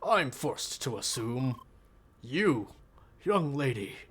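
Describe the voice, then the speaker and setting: A man's voice: mid-range voice, sing-song, slow pace, a bit bright. A man voicing a pompous young male gamer who lectures and plays at being a moderator, reading game dialogue aloud. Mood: accusing. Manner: self-righteous, lecturing.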